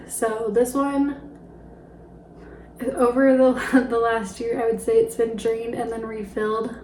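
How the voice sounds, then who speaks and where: A woman's voice: a little high, a little mellow, echoey room, a little hiss or hum, low-quality recording. A woman in her twenties talking casually about her family finances, slightly out of breath, with light laughs and fillers. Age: 20s. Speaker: personal finance vlogger. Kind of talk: casual talk to camera.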